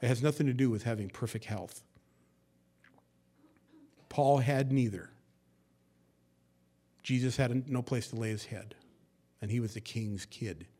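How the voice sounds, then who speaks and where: A man in the pulpit working through scripture verse by verse, his voice sitting at an ordinary middle pitch. He drops to quiet, confiding asides, then surges loud when he reads the text. Folksy jokes and acted-out quotes keep it conversational. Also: breathy edge. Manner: swings between hushed asides and loud emphatic verse reading. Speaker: pastor. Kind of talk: expository sermon.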